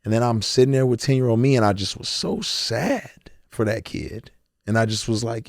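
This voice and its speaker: A man's voice: medium pitch, normal speed, gravelly, dry recording, studio quality. A man talking candidly as an interview guest, earnest and emotional, often quoting his own thoughts and restarting his phrases. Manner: loose, repeating words and restarting phrases. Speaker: podcast guest, rapper.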